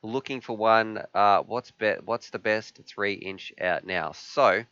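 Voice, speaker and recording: A man's voice: fairly low pitch, takes it slowly, pushed and bright, clear, resonant tone, no room sound, highs cut off. A man hosting a casual live stream from his home room, rambling and chatty as he thanks viewers.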